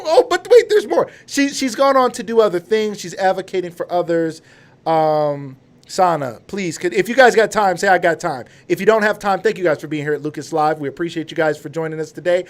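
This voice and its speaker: Hyped live podcast host. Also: medium pitch. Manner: hyped, exuberant, calls out to viewers. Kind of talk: live show hosting.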